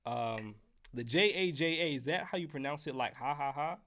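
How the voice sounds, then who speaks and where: A man's voice: mid-range voice, expressive, normal speed, bright, forceful tone. Casual American man teaching trumpet scales. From United States. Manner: casual, joking asides to chat. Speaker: trumpet teacher on a live stream. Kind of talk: live-streamed music lesson.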